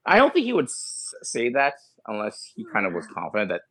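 A man co-hosting a podcast in casual chat, animated and joking. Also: on the low side, fairly quick, breathy edge, no echo. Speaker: podcast co-host.

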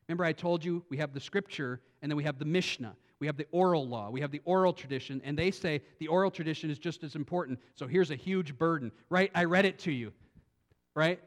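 A male pastor preaching a sermon, animated, swinging from quiet thinking-aloud asides to loud emphatic lines. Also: fairly high pitch, quick pace. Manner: repeats words and restarts as he thinks aloud.

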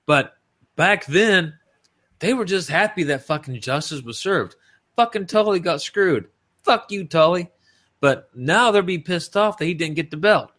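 A man's voice: on the high side, animated, normal speed, sharp tone. A man co-hosting a podcast, giving a blunt, profanity-laced play-by-play recap of old wrestling matches in casual chat. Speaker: podcast co-host.

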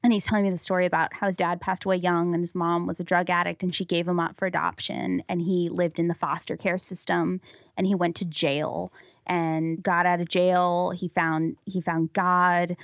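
A woman in her thirties co-hosting a podcast, telling stories in a lively way and acting out the people she quotes. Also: on the low side, normal speed, no room sound, studio quality. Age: 30s. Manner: animated storyteller, acts out quoted people. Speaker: podcast co-host. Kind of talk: casual chat, storytelling.

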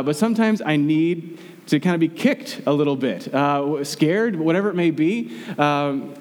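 A man's voice: mid-range voice, darkish tone. A man in his thirties preaching a sermon in a conversational way, often restarting his sentences. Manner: conversational, with frequent restarts and fillers. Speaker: pastor. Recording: long hall reverb.

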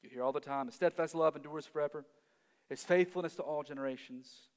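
A man preaching a sermon. He swells to loud emphasis and then drops almost to a hush. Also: fairly high pitch, fairly quick, in a large hall. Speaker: pastor.

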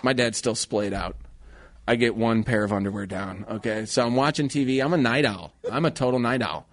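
An animated young man co-hosting a radio talk show. He tells a story casually in a mid-range voice and keeps jumping into voices for the people in it. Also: medium pitch, a little fast. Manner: animated, acts out voices in his stories.

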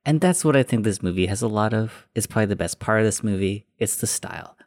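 A man co-hosting a casual movie podcast, relaxed and chuckling as he retells scenes. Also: on the low side, fast talker, dry recording, clean studio sound. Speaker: podcast co-host.

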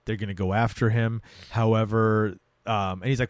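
A man's voice: lowish voice, flat delivery, normal speed, no room sound, clean studio sound. A man co-hosting a podcast, chatting casually and retelling scenes with quoted lines. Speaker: podcast co-host. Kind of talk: casual recap chat.

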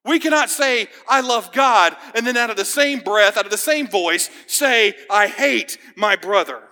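A man's voice: extremely high pitch, bright, forceful tone. A man preaching a sermon as pastor, earnest and emphatic, asking the congregation pointed questions. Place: church sanctuary. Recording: hall reverb.

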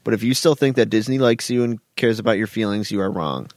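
A man's voice: fairly low pitch, fast, dry recording, clean studio sound. A young man, a guest on a podcast, ranting emphatically during casual chat.

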